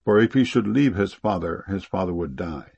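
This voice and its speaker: A man's voice: low-pitched, animated, normal speed, creaky, a little mellow, husky, dull audio, exaggerated voice. A man reading the part of an earnest brother pleading for mercy in a solemn scripture reading.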